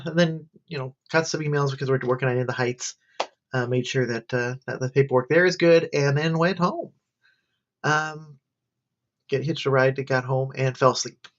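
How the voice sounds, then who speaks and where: A tired woman, a college student, rambling through her day in a casual livestream diary. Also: rumbling low. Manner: rambling, wandering chat. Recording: dull lo-fi stream audio.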